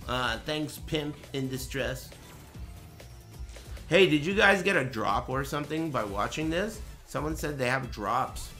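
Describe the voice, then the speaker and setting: A man's voice: medium pitch, animated, a little slow, pushed and bright, soft background music. A man streaming a casual reaction chat, brash and profane, trash-talking his viewers.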